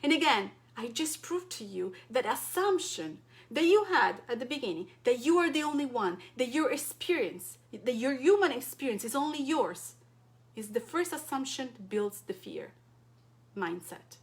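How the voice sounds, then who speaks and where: Her voice high-pitched and very animated at an ordinary pace, a wellness coach from Europe talks straight to the camera for her support group. The talk is fervent and packed with rhetorical questions.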